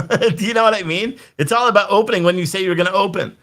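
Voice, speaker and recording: A man's voice: high voice, fast, fairly bright tone. A man ranting casually and profanely on a livestream, talking straight to his viewers. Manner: chatty, talks to viewers in the chat. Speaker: livestream political commentator.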